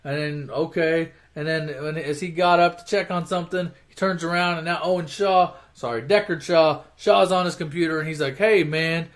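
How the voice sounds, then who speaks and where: A young man with a fairly high, steady voice retells an action movie plot at normal speed, with few pauses. He rambles and swears constantly, putting on mocking voices for the characters as he goes, like a storyteller recapping films.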